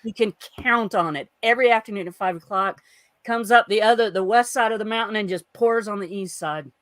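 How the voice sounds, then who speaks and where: A woman co-hosting a genealogy livestream over a video call, chatting casually and greeting viewers by name with lots of quick asides. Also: mid-range voice, no room sound. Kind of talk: casual chat.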